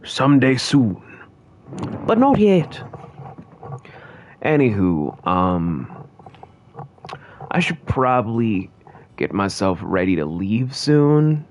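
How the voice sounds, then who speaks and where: A man's voice: on the low side, sing-song, slow pace, a little hiss or hum. A man streaming a game, chatting casually to viewers in a rambling, jokey way. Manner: rambling and jokey, talking to chat. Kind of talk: casual gaming commentary.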